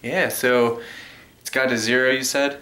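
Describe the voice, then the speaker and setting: A man's voice: medium pitch, level tone, unhurried, pushed and bright. A man co-hosting a casual movie review chat, rambling and searching for words. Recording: noisy casual recording.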